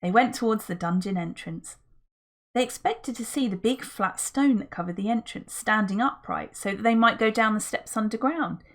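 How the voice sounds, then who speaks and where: A woman's voice: a little high, moderate pace. A woman reading a children's adventure book aloud as a narrator, telling the story expressively. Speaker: audiobook reader.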